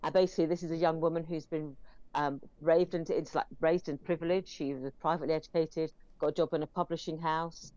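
Woman, low voice, chatty film review, many fillers, dull dry recording. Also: steady tone, quick pace, mellow, no room sound. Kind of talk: casual chat.

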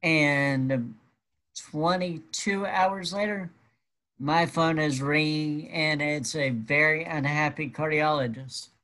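An unhurried guest spins a personal tale at a slow, easy pace. The delivery stays wry and matter-of-fact, with a middling pitch. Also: sharp tone. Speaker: guest telling a personal story. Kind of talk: casual storytelling.

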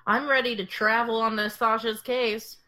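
A woman co-hosting a casual podcast with a bright, clear voice. She is chatty and giggly, and laughs through her stories as she talks with friends. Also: a little high, level tone, normal speed. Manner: giggly, chatty, acts out quotes. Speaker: podcast co-host. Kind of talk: casual chat.

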